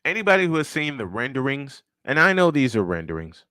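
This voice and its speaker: A man's voice: medium pitch, sing-song, fairly quick, sharp tone, no room sound, studio quality. A man hosting a casual live-stream sports show, ranting and firing off rhetorical questions, repeating his points for emphasis.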